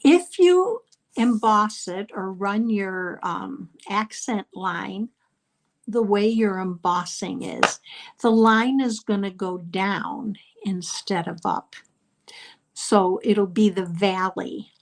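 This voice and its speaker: Slow-talking woman teaching card-making. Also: medium pitch, a little hiss or hum. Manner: chatty step-by-step explaining with frequent ums. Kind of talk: live crafting class demonstration.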